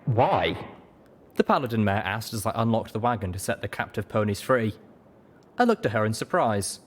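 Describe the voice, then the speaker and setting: Low-voiced man reading a story aloud. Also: expressive, a little fast. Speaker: audiobook reader. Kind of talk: first-person story narration.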